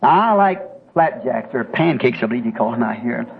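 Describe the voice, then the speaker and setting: A man with a Southern American accent preaches at a church meeting, spinning a folksy, homespun story and chuckling along the way. His voice sits at medium pitch with lively intonation, a bit of vocal fry, and a slightly quick pace. The recording is tinny, lo-fi old tape with a faint hiss.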